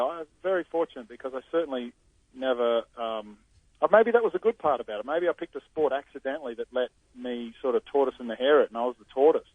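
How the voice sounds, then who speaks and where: A man's voice: medium pitch, dry recording. An Australian man in his forties, a golfer chatting as a guest, self-deprecating and rambling with lots of fillers. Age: 40s. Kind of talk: casual interview chat. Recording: slightly muffled, dry line.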